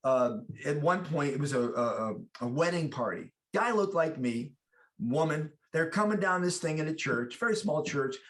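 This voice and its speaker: A middle-aged American man being interviewed as an actor, chatting casually and telling animated stories with lots of restarts. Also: on the high side, normal speed. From United States. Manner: animated storyteller, acts out quoted voices, many restarts. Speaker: guest actor.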